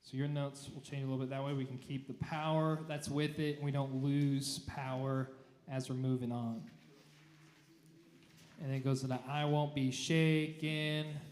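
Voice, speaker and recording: A man's voice: medium pitch, level tone, normal speed, a little mellow. A man leading choir rehearsal, talking through notes and singing short phrases to demonstrate. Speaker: choir director. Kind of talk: rehearsal instruction. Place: church room. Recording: echoey room.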